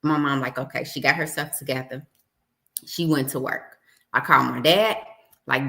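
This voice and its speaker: A woman's voice: rumbling low, moderate pace, gravelly, long pauses, reverberant. A young adult woman hosting a livestream, telling a personal story in casual chat and acting out the dialogue. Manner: animated storyteller, acts out dialogue. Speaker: livestream host. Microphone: home livestream setup.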